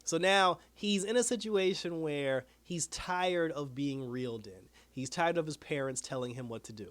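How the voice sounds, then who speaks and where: A man hosting a casual TV episode review, retelling scenes in an animated way with quoted dialogue and frequent laughs. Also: a little high, normal speed. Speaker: TV review host.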